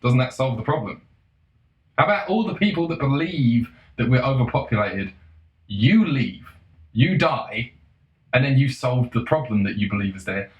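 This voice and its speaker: A man in a casual monologue, profane and sarcastic, breaking into mocking shouts. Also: medium pitch, expressive, normal speed, dull audio. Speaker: solo commentator. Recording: roomy echo.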